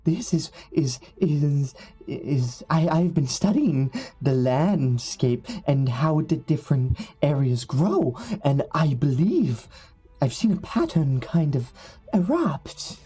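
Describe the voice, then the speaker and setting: A man voicing an excitable hunchbacked male scholar who talks in a high, giggly, stammering rush. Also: slow pace, husky, exaggerated voice. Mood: excited.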